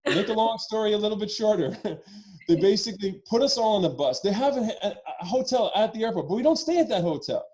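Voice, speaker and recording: Animated man telling a profane story. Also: high-pitched, fast talker, low-quality recording. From Quebec, Canada. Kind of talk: personal storytelling at a story slam. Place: virtual event.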